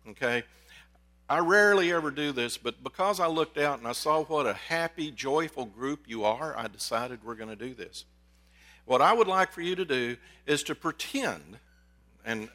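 A pastor preaching a lively, conversational sermon to his congregation, calling them folks. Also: medium pitch. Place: church sanctuary.

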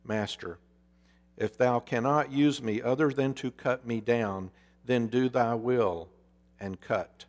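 A man's voice: on the high side, measured pace, vocal fry, in a large hall, voice pushed up. A man voicing a proud male bamboo plant in a storybook parable, pleading in archaic speech. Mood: hushed.

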